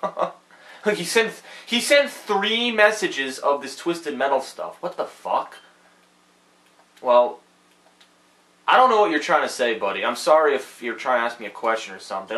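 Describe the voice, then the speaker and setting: A man's voice: medium pitch, bright, forceful tone. Profane, rambling man reading fan mail. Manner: rambling, profane, stumbles over misspelled messages. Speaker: channel host answering fan mail. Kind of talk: casual chat, reading messages aloud. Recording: roomy echo.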